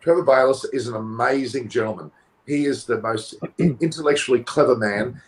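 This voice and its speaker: On a post-match panel, an Australian cricket pundit makes his case indignantly and forcefully, repeating himself as tempers rise. He talks at a moderate pace with a medium pitch, captured in a rough recording.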